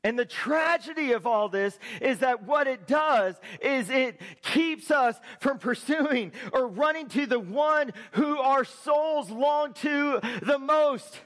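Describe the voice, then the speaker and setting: A man preaching a sermon as pastor, building to shouted emphasis. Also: very high voice, slow, few pauses.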